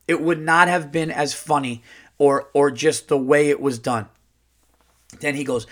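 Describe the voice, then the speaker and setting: A man's voice: on the high side, a little slow. A male comedian hosting a podcast and telling a long story casually, with lots of fillers and asides. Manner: animated, rambling, full of fillers.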